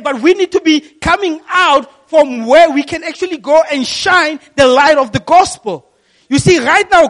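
A man preaching a sermon to a congregation as a youth pastor, telling the story in a lively way and repeating key phrases for emphasis. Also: very high-pitched.

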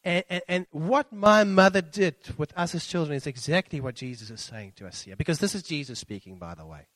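A middle-aged man preaches with a high voice that leaps up and drops low as he acts out the people he quotes. The sound is close and dry, with no room around it. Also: brisk, no room sound. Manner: animated, acts out quotes with big pitch swings. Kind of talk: sermon.

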